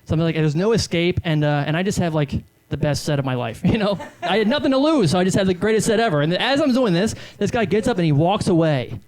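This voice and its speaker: A man's voice: sits high, lively intonation, fast talker, few pauses, darkish tone. A man in his thirties doing stand-up comedy, telling self-deprecating stories in a rambling way full of fillers. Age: 30s.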